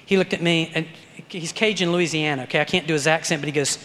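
A middle-aged male pastor preaching with a notably high voice, talking to his congregation in a loose, conversational way and often checking in with quick tag questions. The sound carries a long, trailing reverb, like a big hall. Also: fairly even intonation, a bit bright. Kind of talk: sermon.

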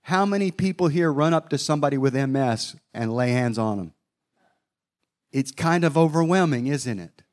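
A man's voice: medium pitch, expressive, moderate pace, a little mellow. A middle-aged man preaching a sermon, telling a personal story in a folksy way, with asides to his listeners.

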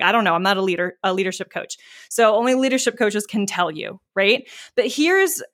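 A woman's voice: a little high, fairly bright tone. A woman hosting a solo marketing podcast, talking in a candid, chatty way, swearing casually and acting out what her listeners might say. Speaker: podcast host, marketing coach.

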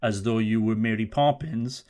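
A man's voice: lowish voice, fairly even intonation, moderate pace, darkish tone. A man with a British accent co-hosting a podcast, bantering in a dry, teasing way. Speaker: podcast co-host. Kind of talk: casual chat.

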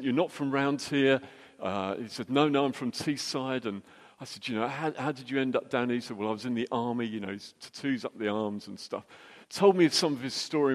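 A middle-aged man telling a jokey, anecdotal story as a church speaker, with quick restarts. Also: medium pitch. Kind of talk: storytelling sermon. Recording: long hall reverb.

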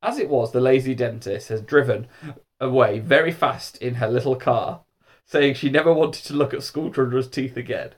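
A man reading a children's storybook aloud, narrating in a lively, expressive way. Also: mid-range voice, normal speed. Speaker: audiobook reader.

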